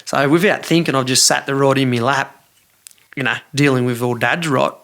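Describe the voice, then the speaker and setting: An Australian man telling a fishing yarn as a podcast guest, lively and full of broad slang. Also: mid-range voice, normal speed. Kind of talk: casual storytelling.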